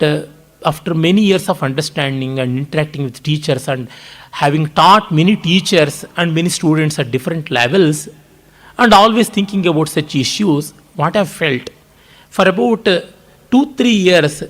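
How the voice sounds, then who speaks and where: A man with an Indian English accent giving a public lecture, explaining at a measured pace with frequent pauses and restarts. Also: fairly high pitch, fairly bright tone. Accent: Indian English, Kannada. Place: lecture hall.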